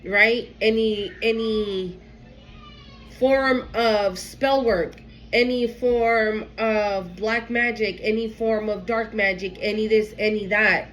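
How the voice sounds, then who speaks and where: A woman's voice: mid-range voice, steady tone, takes it slowly, fairly bright tone, poor audio. A woman doing a casual spiritual tarot reading, emotional and swearing freely as she talks straight to the viewer. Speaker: tarot reader.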